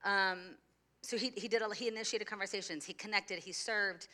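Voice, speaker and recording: A woman's voice: mid-range voice, fairly even intonation, normal speed, bright, forceful tone. A woman pastor preaching a sermon to a church congregation in a conversational way. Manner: conversational, laughs easily, sings a children's song. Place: church sanctuary.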